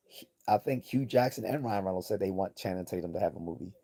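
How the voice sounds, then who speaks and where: A man's voice: low-pitched, quick pace, mellow, husky. A man hosting a livestream, giving blunt, profane, rambling commentary and reading chat messages aloud. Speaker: livestream host.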